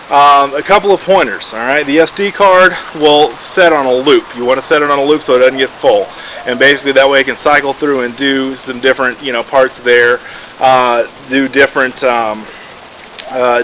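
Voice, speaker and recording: A man's voice: mid-range voice, fairly bright tone, low-quality recording. A man from Texas giving a casual, rambling product review, full of "uh" and "basically", with lots of restarts. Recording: background noise.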